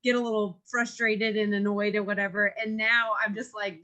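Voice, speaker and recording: Bright-voiced woman podcast co-host. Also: mid-range voice, moderate pace, few pauses. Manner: animated, laughs often, acts out stern mom voice. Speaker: mother. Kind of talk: casual chat.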